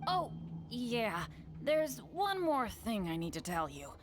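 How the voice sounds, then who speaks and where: A woman's voice: fairly high pitch, sing-song, slow pace. A woman voicing a cheerful, apologetic teenage boy adventurer in a game. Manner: upbeat, apologetic. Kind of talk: game voice acting.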